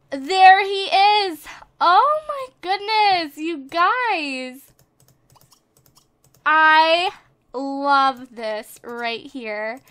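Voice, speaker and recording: A young woman giving chatty, excitable let's play commentary as a gaming channel host on a desktop microphone at home. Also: sits high, no echo. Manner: chatty and excitable, gasping at surprises. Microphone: desktop USB microphone.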